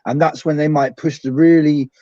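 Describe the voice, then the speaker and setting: A man's voice: on the high side, fairly even intonation, normal speed, dark tone, no room sound. A man hosting a casual conversation, speaking earnestly and urgently. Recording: dry, dull lo-fi sound.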